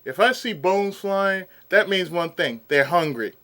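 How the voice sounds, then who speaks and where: A man vlogs in a casual, exasperated rant, sometimes eating as he talks. His voice sits high with lively intonation and a sharp tone, and he keeps a measured pace.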